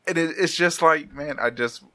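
A man's voice: a little high, moderate pace. Swearing, laughing podcast host man. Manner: swearing, laughing, animated storyteller. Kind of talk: casual chat.

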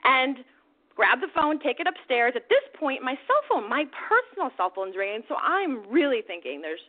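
Animated woman telling a story, tinny sound. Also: high-pitched, normal speed. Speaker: podcast co-host. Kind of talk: casual chat, storytelling.

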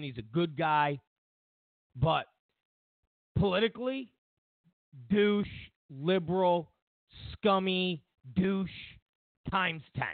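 This male radio host has a high, expressive voice and takes his time, leaving long pauses as he rants and mocks in a monologue. He performs both sides of conversations himself. The sound is tinny and phone-like with no room sound.

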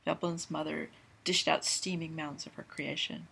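A woman reading a novel aloud, with steady, even narration. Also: deep voice, normal speed, gravelly, husky. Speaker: reader.

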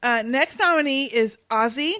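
A woman co-hosting a podcast in casual chat, playfully announcing award winners with drawn-out drumroll pauses. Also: high voice, bright, forceful tone. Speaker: podcast co-host.

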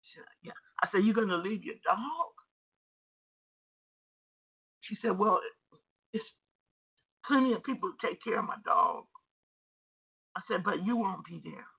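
A man's voice: high voice, very animated, normal speed, creaky, long pauses, husky. A man preaching, retelling a phone call as dialogue and repeating words as he goes. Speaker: pastor. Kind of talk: storytelling sermon. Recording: tinny phone-like sound.

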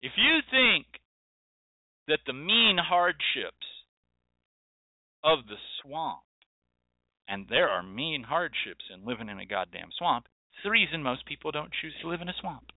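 A man's voice: a little high, very animated, a little slow, long pauses, dry recording. A man hosting a show, lecturing in an emphatic, repetitive monologue. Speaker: host. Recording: tinny phone-like sound, dry.

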